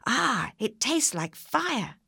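A slow, earnest cowardly lion, as a woman puts him on. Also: a little high, big pitch swings, gravelly, sharp tone, slightly rough, dry recording, studio quality, pitched above the performer's own voice, heavily acted. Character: big timid male lion turning brave.

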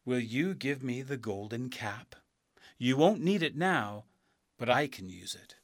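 A man voicing a kindly good witch in a storybook reading, soft and gracious. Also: medium pitch, lively intonation, measured pace, no echo, studio quality.

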